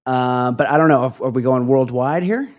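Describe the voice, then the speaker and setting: A man's voice: mid-range voice, normal speed, darkish tone. A man co-hosting a comedy podcast, rambling through crude, wry banter. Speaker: podcast co-host. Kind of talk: casual comedic chat.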